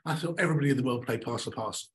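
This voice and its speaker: A middle-aged man giving a motivational talk on stage, emphatic and animated, repeating his key lines. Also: mid-range voice, very fast, low-quality recording. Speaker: keynote speaker.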